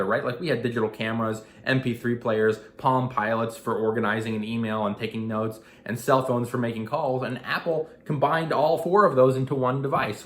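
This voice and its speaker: A man in his thirties tells a personal investing story in a casual, animated way, slipping into the voices of the people in it. His pitch sits in an ordinary middle range for a man. The room gives his voice a clear echo. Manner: animated, acts out quoted dialogue. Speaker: investing vlogger. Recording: echoey room.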